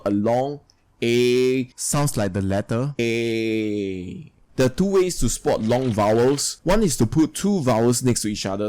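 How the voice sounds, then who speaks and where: A man's voice: medium pitch, a little mellow. A man teaching a recorded lesson, explaining steadily and spelling out examples. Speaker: English teacher.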